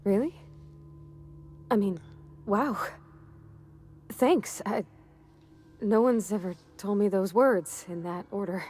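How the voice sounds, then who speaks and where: An actress voicing a shy, earnest young woman engineer in a video game, speaking softly and hesitantly. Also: medium pitch, slow pace, pauses often. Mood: bashful. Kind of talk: game voice acting.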